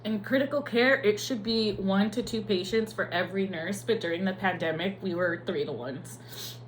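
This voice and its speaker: A young woman nurse speaks candidly in a confessional vlog, her voice sitting at an ordinary middle pitch. She is blunt and profane, and her feelings come through plainly. A faint hum runs underneath the recording. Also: moderate pace, poor audio.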